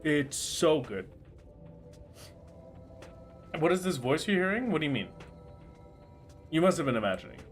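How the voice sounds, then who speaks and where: Excitable young-sounding male game streamer. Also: on the high side, brisk, soft background music. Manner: playful and excitable, squealing and laughing at surprises. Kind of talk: casual livestream chat while gaming.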